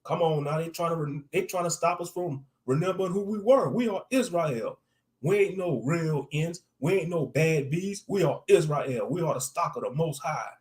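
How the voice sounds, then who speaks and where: A man's voice: a little high, lively intonation, normal speed, darkish tone. A man giving live-streamed religious commentary, reading scripture aloud and riffing on it in slangy talk with a preachy edge, repeating lines for emphasis. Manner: preachy, reads scripture then riffs on it. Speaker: online commentator.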